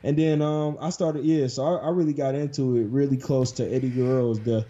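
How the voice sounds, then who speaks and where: A man's voice: mid-range voice, fairly even intonation, a little fast, mellow. A man in his twenties from Detroit, a game developer chatting casually and rambling with many fillers. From Detroit, USA. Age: 20s. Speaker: podcast guest and game developer. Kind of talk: casual chat. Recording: dull lo-fi sound.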